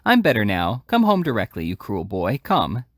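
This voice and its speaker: A man voicing a dramatic, wheedling young woman of the streets in an audiobook reading, with a high, theatrical wailing voice. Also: wildly swooping pitch, normal speed, dry recording, clean studio sound. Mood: hysterical.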